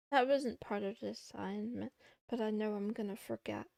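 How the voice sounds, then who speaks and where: A young woman VTuber streams from her desk, playfully and gigglingly chatting with her chat as she works through coding tasks. Her voice is medium-pitched, gravelly, and darkish, with a steady tone and normal speed, in clean studio sound with no echo.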